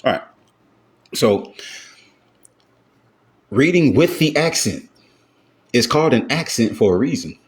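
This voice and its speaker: A man's voice: mid-range voice, very animated, takes it slowly, pauses often. A man giving a casual, step-by-step grammar lesson, often checking in with his listeners. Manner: talks things through loosely, often asks "you know what I'm saying?". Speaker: self-taught Hebrew grammar teacher.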